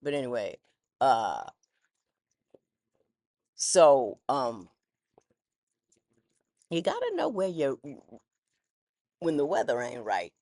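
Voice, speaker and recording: A woman's voice: rumbling low, very animated, takes it slowly, long pauses, dark tone, no room sound. Candid, rambling woman in a dry room. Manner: candid and rambling, with frequent restarts and folksy phrasing. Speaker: former judge sharing personal reflections. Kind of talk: casual reflective monologue.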